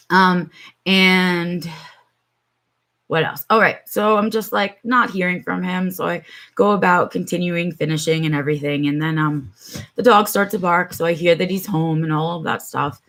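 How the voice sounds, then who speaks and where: A woman's voice: lowish voice, moderate pace, a bit bright. A middle-aged woman chatting on her live stream from home, telling a long story with many ums and asides to her viewers.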